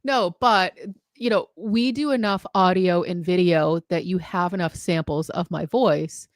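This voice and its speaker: Lower-voiced woman co-host, thoughtful. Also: measured pace, no room sound, studio quality. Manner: thoughtful, asks questions. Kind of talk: casual chat.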